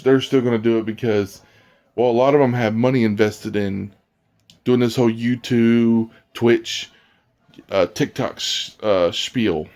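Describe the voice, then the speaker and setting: A man's voice: on the low side, a little mellow. A man vlogging about games in a blunt, rambling casual rant, often restarting his sentences. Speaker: gaming vlogger.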